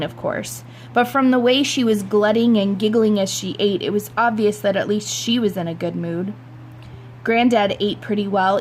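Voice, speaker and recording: A woman reads a novel aloud, narrating in a wry, conversational first-person voice. Her pitch sits in an ordinary middle range. A faint hum runs underneath the reading. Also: darkish tone, rough recording. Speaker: reader.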